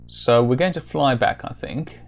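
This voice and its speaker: A man's voice: medium pitch, normal speed, creaky. A man streaming a video game, chatting casually and rambling with dry, self-amused jokes. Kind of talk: casual let's-play commentary.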